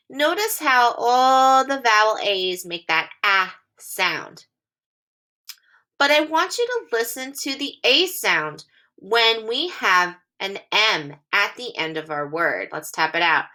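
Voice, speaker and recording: A woman teacher giving a phonics lesson to young children, speaking slowly and clearly in a sing-song way. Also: mid-range voice, big pitch swings, bright, forceful tone.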